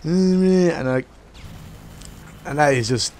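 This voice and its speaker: Young irish dude rambling on, swears a lot, joking around, irish accent, normal middle voice. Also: male voice, medium pitch, fast talker. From Ireland. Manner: profane, rambling, jokey. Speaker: gaming vlogger. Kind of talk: casual rant to camera.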